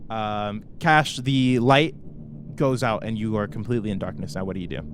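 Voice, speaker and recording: A man narrating as game master for a tabletop game, loose and hesitant with many pauses. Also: on the low side. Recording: faint background noise.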